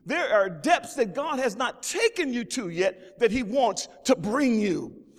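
A man's voice: extremely high pitch, expressive, unhurried. A man preaching a sermon as pastor, with exclamations of praise and repeated phrases. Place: church sanctuary. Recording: long reverb of a large hall.

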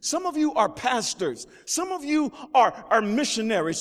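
High-voiced preacher in a ringing hall. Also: male voice, big pitch swings, a little slow, hardly any pauses, fairly bright tone. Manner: preaching with call-and-response exclamations and repeated phrases. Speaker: pastor. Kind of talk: sermon. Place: church sanctuary. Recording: long reverb of a large hall.

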